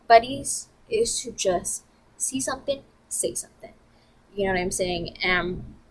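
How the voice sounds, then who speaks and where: A woman vlogger telling a story in a profane, animated, emphatic rant. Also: fairly high pitch, poor audio.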